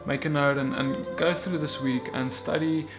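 A man's voice: a little high, fairly even intonation, normal speed, loud music behind the voice. A man giving an earnest, emphatic Bible teaching in a casual video sermon, often restarting his sentences.

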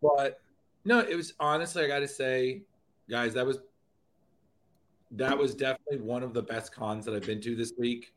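Brief: male podcast co-host, casual rambling chat, mid pitch, emotional, trips over his words. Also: moderate pace, long pauses, a bit bright. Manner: rambling, emotional, restarts often.

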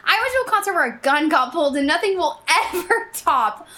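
A young woman adds her side to a shared story on a casual podcast, laughing and swearing along. Her voice runs high. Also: expressive, a little fast, bright, forceful tone. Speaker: podcast co-host. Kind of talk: casual chat.

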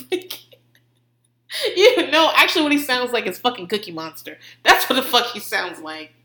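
A woman's voice: a little high, very animated, fairly quick, fairly bright tone. A woman host giving a casual comedic recap, swearing freely and laughing often as she talks. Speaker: podcast host. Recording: roomy echo.

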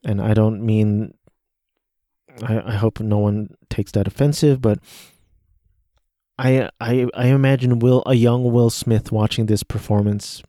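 A man's voice: lowish voice, steady tone, a little slow, warm tone, no echo, clean studio sound. A man hosting a casual solo podcast, talking through a movie he watched, rambling and hesitant with many restarts. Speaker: podcast host.

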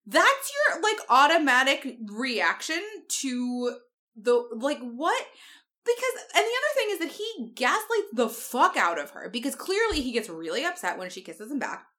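Sarcastic young woman with a lively voice. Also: sits high, normal speed. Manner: sarcastic, swears a lot, animated retelling. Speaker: podcast co-host. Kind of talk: casual book-recap chat.

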